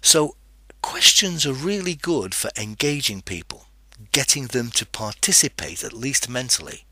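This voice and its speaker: A man's voice: medium pitch, expressive, measured pace, bright, forceful tone, breathy edge, no echo. A man hosting a teaching podcast, explaining tips step by step and putting questions to the listener. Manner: instructive, poses questions to the listener. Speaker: podcast host.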